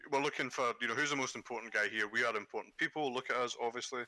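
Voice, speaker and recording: Animated, very bright-voiced man player. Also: mid-range voice, a little fast, pauses often, low-quality recording. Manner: animated, jokey storytelling. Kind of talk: casual chat during a tabletop game.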